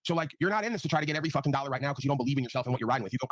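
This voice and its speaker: Here a man running a live online panel talks at a very fast clip in a mid-range, animated voice, with no echo. His casual rant is blunt and profane, and he repeatedly caps his points with "right?".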